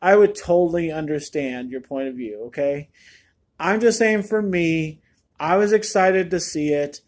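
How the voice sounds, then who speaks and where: Male reviewer, somewhat high voice, off-the-cuff and rambling, lots of fillers. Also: measured pace. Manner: candid, rambling, with many fillers. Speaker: movie reviewer. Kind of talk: casual spoken review.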